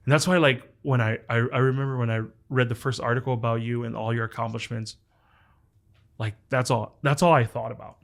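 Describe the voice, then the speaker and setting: A man's voice: medium pitch, steady tone, brisk, creaky. A man hosting a podcast interview, telling a family story in an earnest, emotional way, full of "like" fillers as he talks directly to his guest. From United States. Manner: speaks directly and warmly to the guest. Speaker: podcast host. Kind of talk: heartfelt interview conversation.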